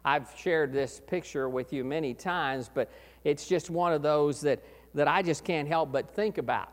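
A man preaching a sermon as pastor, earnest, swelling to loud emphasis and dropping low again. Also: normal speed. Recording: echoey hall reverb.

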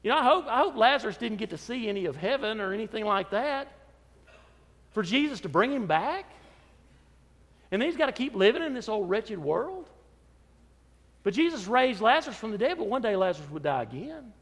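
High-voiced preacher in a reverberant church. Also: male voice, sing-song, fairly quick, long pauses. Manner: preaching with swings between loud emphasis and soft low asides. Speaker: pastor. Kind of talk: sermon.

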